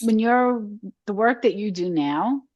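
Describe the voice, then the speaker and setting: Woman host asking halting questions. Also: medium pitch, lively intonation, darkish tone, highs cut off. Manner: friendly, halting questions with restarts. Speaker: podcast host. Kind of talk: casual conversational interview.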